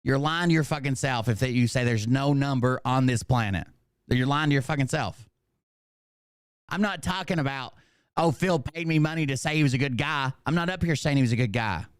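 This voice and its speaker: A man's voice: mid-range voice, fairly quick, clean tone, dry recording, studio quality. A middle-aged man giving an unscripted, profane commentary rant and talking straight to his chat. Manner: profane, emphatic, talks to chat directly. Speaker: commentary streamer.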